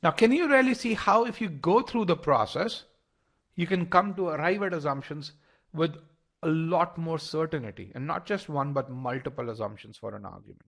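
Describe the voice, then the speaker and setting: A man with a fairly high voice runs a live online prep class. He talks his students through reasoning step by step, often repeating a word while he thinks. He keeps asking the audience to send in their answers. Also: moderate pace, vocal fry. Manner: explanatory, repeats words and restarts, polls the audience. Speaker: test-prep instructor.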